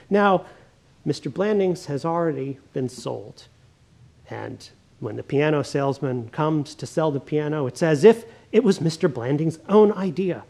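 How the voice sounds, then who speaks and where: A male pastor giving a reflective, measured sermon, reading scripture with emphasis. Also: a little high, expressive, a little mellow.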